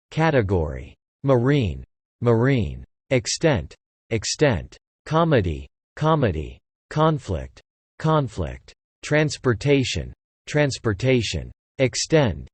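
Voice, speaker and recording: A man reading English vocabulary words aloud one by one, saying each word twice in a slow, measured way. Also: mid-range voice, slightly rough, no room sound. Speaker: vocabulary reader.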